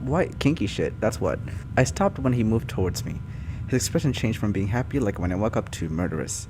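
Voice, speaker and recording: A man doing a comic read-through of fan fiction, animated and often breaking off to laugh and comment. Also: fairly low pitch, fairly quick, background noise. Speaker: YouTuber reading fan fiction. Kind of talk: comic reading with live reactions.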